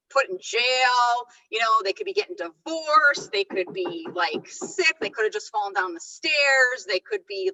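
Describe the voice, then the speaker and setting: Bright chatty woman trainer. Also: on the high side, recorded from a distance, rough recording. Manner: chatty, animated, self-interrupting. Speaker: real estate trainer. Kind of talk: live training session.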